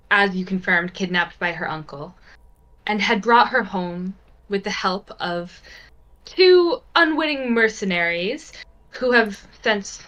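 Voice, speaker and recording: A woman running a tabletop role-playing game as game master, describing scenes in a measured storytelling way. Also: mid-range voice, fairly bright tone.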